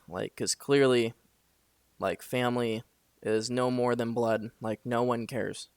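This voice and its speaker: Young man, dry close sound, halting storyteller who leans on fillers. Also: mid-range voice, dry recording. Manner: halting, filler-heavy retelling. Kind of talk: casual spoken dream story.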